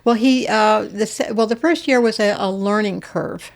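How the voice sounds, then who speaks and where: Older woman, podcast guest, lively storytelling, acts out the people she quotes. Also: mid-range voice, normal speed. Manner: animated, acts out quoted voices with laughs. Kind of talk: casual storytelling interview.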